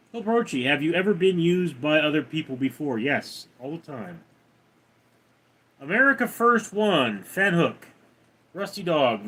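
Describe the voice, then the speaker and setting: A man's voice: on the high side, fairly bright tone. A man hosting a casual livestream, reading out chat names and answering them one by one in a drawl.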